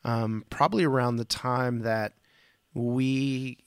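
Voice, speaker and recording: A man's voice: medium pitch, fairly even intonation, takes it slowly, clear, resonant tone, dry recording, studio quality. A man co-hosting a podcast, chatting casually, rambling and playful as he sets up questions. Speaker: podcast co-host. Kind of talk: casual chat.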